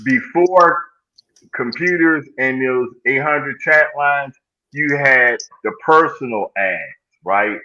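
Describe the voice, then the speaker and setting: A man's voice: medium pitch, slow pace, pushed and bright, muffled recording. A man in his sixties hosting a casual live group chat, telling stories and checking in with "right?" as he goes. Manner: storytelling, keeps checking in with "right?".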